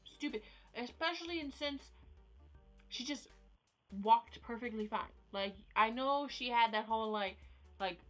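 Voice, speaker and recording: Filming casually at home on her phone, a young woman vents in an exasperated, repetitive way, her speech packed with "like" and other fillers. Her pitch is fairly high and her tone fairly bright, she takes her time, and faint music sits in the background.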